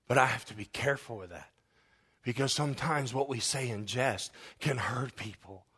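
A male pastor delivers an impassioned sermon with a husky, breathy edge to his voice. He prays aloud, rising to loud cries and then dropping to hushed whispers. His pitch sits in an ordinary middle register. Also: moderate pace. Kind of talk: sermon with spoken prayer.

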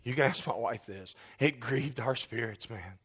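A male pastor delivers an impassioned sermon with a husky, breathy edge to his voice. He prays aloud, rising to loud cries and then dropping to hushed whispers. His pitch sits in an ordinary middle register. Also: moderate pace. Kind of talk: sermon with spoken prayer.

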